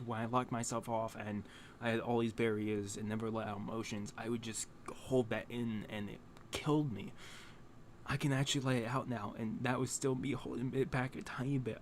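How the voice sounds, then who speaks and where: A young man at a middle pitch speaks haltingly to camera, close to tears, swearing and stumbling through restarts. A faint hiss sits under the recording. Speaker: anime reaction channel host. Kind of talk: emotional reaction talk to camera.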